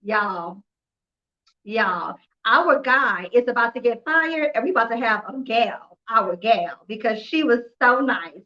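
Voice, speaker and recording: Bright high-voiced woman, chatty livestreamer. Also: measured pace, highs cut off. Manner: animated, chatty, laughs often, acts out quoted dialogue. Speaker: couponing livestream host. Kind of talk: casual live-stream storytelling. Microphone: phone or computer mic on a live stream.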